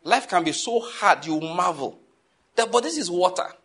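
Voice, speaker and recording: A man with a notably high voice delivers a sermon, driving his points home by repeating them. He peppers the listener with rhetorical questions and swings between hushed and forceful delivery. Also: normal speed, breathy edge. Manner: emphatic, repeats key phrases, asks the audience rhetorical questions; wide swings in loudness between calm and forceful. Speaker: preacher.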